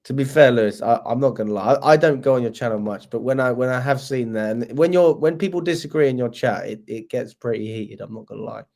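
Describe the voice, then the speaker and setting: Gravelly guy hosting a fan stream, chatty, swears a lot. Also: medium pitch, fast talker, few pauses, a little mellow. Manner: chatty, swears freely, laughs at himself. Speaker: fan channel host. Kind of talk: casual livestream chat.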